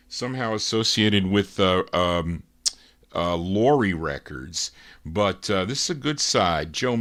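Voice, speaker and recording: A man with a very low voice hosts a live record show in relaxed, casual chat. He muses aloud as he goes, pausing often and filling the gaps with "uh.". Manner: easygoing and musing, thinks aloud with many "uh"s.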